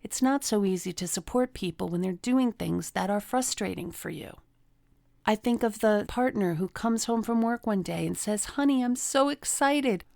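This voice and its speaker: Woman, middle-aged, relationship coach, gravelly fry, dry close sound, storytelling self-help talk. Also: mid-range voice, normal speed, mellow, no echo. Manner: storytelling, acts out quoted people in a raised voice. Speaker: relationship coach, podcast host.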